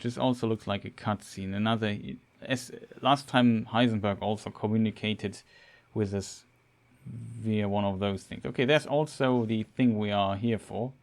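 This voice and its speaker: A man streaming a game, giving casual, hesitant commentary as he plays. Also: fairly low pitch. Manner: thinking aloud, hesitant with fillers.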